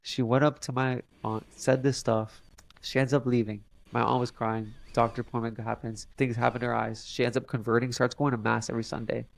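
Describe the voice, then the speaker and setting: A young man, a podcast guest, telling a long story in a halting way with many fillers and restarts. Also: mid-range voice, level tone, gravelly, dry recording. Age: young adult. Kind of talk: casual storytelling interview.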